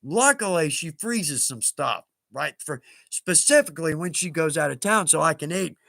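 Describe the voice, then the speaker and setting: A man's voice: a little high, animated, normal speed, gravelly, bright, forceful tone, no echo. Chatty folksy man. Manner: chatty, folksy, laughs often. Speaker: livestream host. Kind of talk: casual livestream chat.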